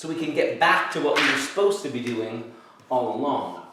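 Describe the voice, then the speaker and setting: A man's voice: mid-range voice, animated, moderate pace, background noise. A male pastor giving a children's Sunday school lesson, telling a playful story and acting out both sides. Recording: very echoey room, mic far off.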